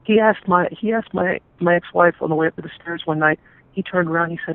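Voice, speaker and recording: A man telling his family's story in an interview, earnest and halting, often restarting his sentences. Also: high voice, vocal fry, a little hiss or hum. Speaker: interview guest, stepfather. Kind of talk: emotional personal account. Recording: tinny phone-like call audio.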